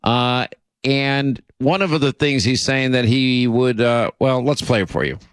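A man's voice: medium pitch, a little slow, clear, resonant tone, no room sound, studio quality. A man hosting a talk radio show, delivering an indignant opinion monologue full of restarts and asides. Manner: indignant, repeats himself, frequent uh and you know.

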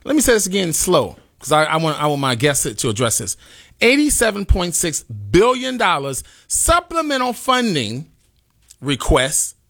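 A man's voice: high voice, a bit bright. A man hosting a talk radio show, speaking passionately and emphatically, with exclamations.

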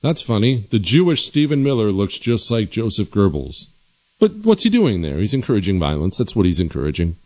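A man hosting a political commentary show, talking forcefully and sarcastically with emphatic repetition. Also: on the low side, very animated, brisk.

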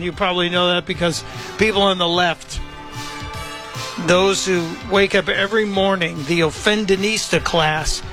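A man's voice: high-pitched, sharp tone, no room sound. A middle-aged man hosting political talk radio, delivering sarcastic, mocking commentary. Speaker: radio talk show fill-in host.

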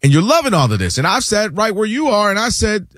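A man hosting a casual sports talk show, animated and quick to act out what others say. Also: high voice, dry recording, clean studio sound. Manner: animated, acts out quotes in other voices, repeats words.

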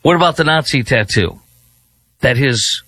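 A man's voice: mid-range voice, normal speed, fairly bright tone, dry recording. Sarcastic talk radio host, man. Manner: sarcastic, rambling, mocking. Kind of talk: opinionated talk radio monologue.

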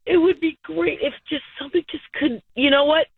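A woman's voice: sits high, steady tone, vocal fry, dry recording. Tearful woman caller over a tinny phone line. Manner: halting, emotional. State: choked up, tearful. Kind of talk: call-in radio caller. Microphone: telephone.

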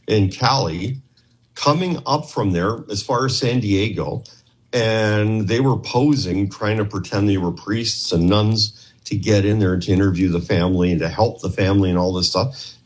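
A Canadian man with a fairly low, husky voice appears as a podcast guest. Drawing on his past as a police trainer, he tells a rambling, animated story during a casual interview and acts out quotes from the people in it.

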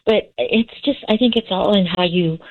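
A woman's voice: medium pitch, normal speed. A woman in her seventies calling in to a radio show, chatting and giggling as she rambles through a story. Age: 70s. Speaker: caller. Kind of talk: chatty phone-in. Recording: dull phone line.

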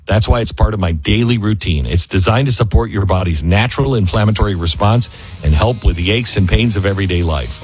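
A man hosting a talk show, reading promos and an ad in a chatty, halting way with many fillers. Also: lowish voice, husky, no room sound. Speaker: radio host reading ads. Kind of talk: host-read promo and ad.

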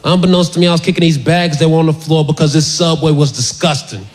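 A man doing stand-up, telling a story in an animated, shouty way and laughing through punchlines. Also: on the high side, fast talker. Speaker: stand-up comedian.

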